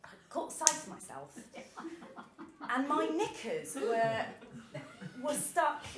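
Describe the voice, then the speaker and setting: A woman comedian tells a self-deprecating story on stage, her fairly high voice leaping up and down. She laughs her way through the tale. The sound rings around a roomy live venue. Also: sing-song, slow pace, a crowd in the background. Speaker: stand-up comedian.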